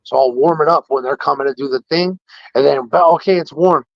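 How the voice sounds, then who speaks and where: A man casually telling an animated, indignant story about a care-facility visit, quoting the people involved. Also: a little high, a little fast, gravelly, no echo. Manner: animated, indignant retelling with quoted dialogue. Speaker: podcast host. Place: patient room in a care facility. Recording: dull, dry lo-fi audio.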